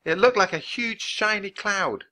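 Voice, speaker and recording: A man's voice: high-pitched, lively intonation, a little slow, sharp tone, pitched above the performer's own voice, exaggerated voice. A man reading aloud as a friendly pioneer farm boy, speaking openly and earnestly. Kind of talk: children's audiobook reading.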